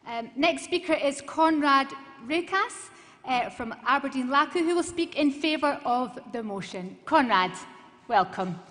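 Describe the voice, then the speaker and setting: A woman chairs a conference and briskly, formally calls up the next speaker. Her voice is high and she sounds off mic. A long hall reverb hangs around her words. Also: expressive, a bit bright.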